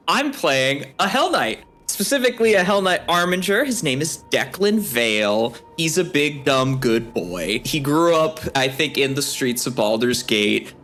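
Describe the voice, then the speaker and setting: A man's voice: on the high side, bright, forceful tone. A man playfully introducing his tabletop game character in casual chat. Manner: playful, joking. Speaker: player.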